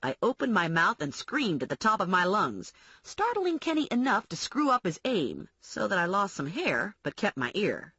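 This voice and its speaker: Wry first-person audiobook narrator, woman, husky and lively in pitch. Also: moderate pace, no room sound, dull audio.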